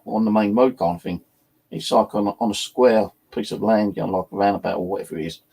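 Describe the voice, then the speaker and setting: A man's voice: fairly low pitch, creaky, mellow, husky. A man, hosting his own channel and rambling through ghost stories in casual chat, swearing freely and filling with "you know" and "like". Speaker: channel host.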